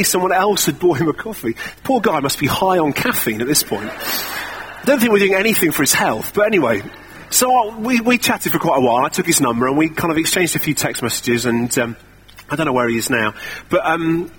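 A man's voice: fairly high pitch, a bit bright, slightly rough. A young man preaching a sermon in a conversational, self-deprecating storytelling way.

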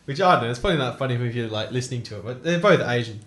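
A man's voice: mid-range voice, lively intonation, racing, fairly bright tone, roomy sound, a little hiss or hum. A young man telling stories in casual chat, laughing and swearing often. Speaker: co-host.

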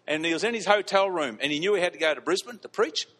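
A fairly high-voiced man preaching to his congregation, telling stories with lively emphasis and repeating key phrases. His voice rings out with a long hall reverb around it. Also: fast talker. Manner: animated, repeats lines for emphasis, laughs at his own stories. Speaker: pastor. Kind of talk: storytelling sermon. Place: church hall.

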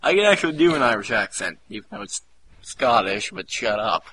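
A man's voice: mid-range voice, big pitch swings, fairly quick, bright, forceful tone, slight background noise. A young man co-hosting a casual podcast, teasing his partner and laughing often. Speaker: podcast co-host.

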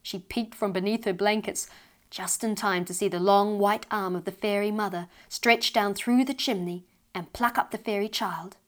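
A woman reading a children's storybook aloud with lively expression. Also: medium pitch, moderate pace.

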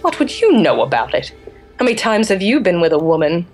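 A woman's voice: lowish voice, big pitch swings, fairly quick, darkish tone, faint music behind. A woman voicing a regal, scheming female bee queen who speaks in an imperious, teasing way. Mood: scornful.

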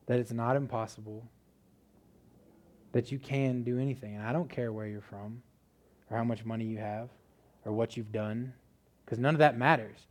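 A man's voice: mid-range voice, fairly even intonation, normal speed, long pauses. A man preaching a sermon in a casual, conversational way, telling a story with many "like" fillers.

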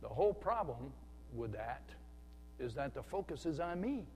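A man's voice: medium pitch, big pitch swings, normal speed, darkish tone, long reverb tail, a little hiss or hum. A male pastor giving a conversational sermon in a church sanctuary, acting out the thoughts of a churchgoer. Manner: conversational preaching with acted-out inner thoughts.

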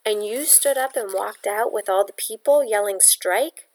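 A woman's voice: mid-range voice, moderate pace, a little hiss or hum, lightly acted. Woman voicing an impatient young man, exasperated, explaining. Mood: alarmed.

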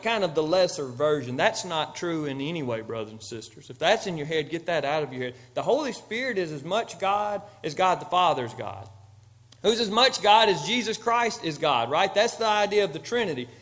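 A male pastor preaching a conversational, emphatic sermon that swings from loud to soft. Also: on the high side, expressive, normal speed.

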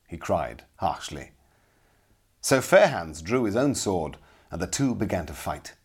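A man narrating a storybook with expressive, dramatic storytelling. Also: low-pitched, a little slow, slightly rough.

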